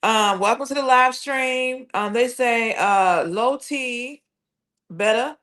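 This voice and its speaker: A woman's voice: fairly high pitch, slow pace, a bit bright. A woman hosting a casual live reaction stream, chatting loosely and reading viewer comments aloud. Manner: chatty, addresses chat as y'all, reads usernames aloud. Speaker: livestream host.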